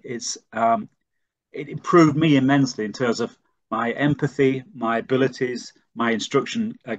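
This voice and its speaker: Middle-aged man, animated storyteller, acts out dialogue, medium pitch, slightly muffled recording. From Leeds, England. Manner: animated anecdotes, acts out dialogue in his stories. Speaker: guest, pilot and flight instructor. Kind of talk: storytelling in a conversational interview.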